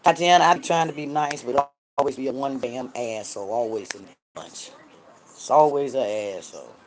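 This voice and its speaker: Loud trash-talking woman in her sixties. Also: normal speed, a little hiss or hum. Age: 60s. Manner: loud, cursing, trash-talking, swings between hollering and low muttering. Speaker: livestream host. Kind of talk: livestream chat answering viewers.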